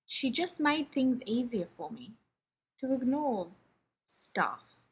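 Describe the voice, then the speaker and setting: Woman doing a clipped, guarded soldier, breathy voice. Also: on the high side, very animated, slow pace, voice pushed up, exaggerated voice. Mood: defensive, clipped. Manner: clipped, defensive. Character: sarcastic, guarded male soldier, terse.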